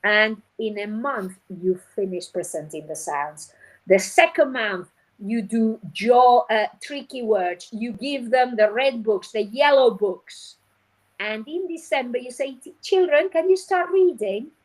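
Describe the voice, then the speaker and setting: A woman phonics teacher trainer, a guest on a show, explaining her methods in a lively way and acting out classroom scenes. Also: a little high, slow pace, poor audio. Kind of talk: animated teaching talk.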